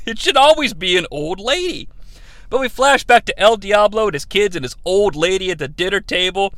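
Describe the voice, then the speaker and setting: High, bright-voiced sarcastic man. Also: lively intonation, moderate pace, dry recording. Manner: sarcastic, acts out characters' lines. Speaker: comedy podcast host. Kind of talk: comic movie recap.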